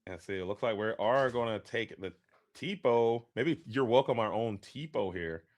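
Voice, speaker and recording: An esports caster, a man with a medium-pitched voice at a moderate pace, talks at length through the plays of a live card game match. He sounds travel-fatigued after a long day on the road, and the recording has no echo.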